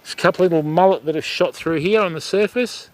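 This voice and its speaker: A man's voice: high voice, fast talker, background noise. A middle-aged Australian man hosting a fishing livestream outdoors, chatting casually with viewers and calling them mate. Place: outdoors by the water.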